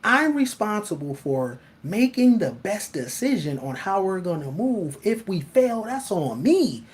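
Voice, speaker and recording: Blunt, animated man, casual monologue. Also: sits high, measured pace. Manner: laughs often. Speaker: host.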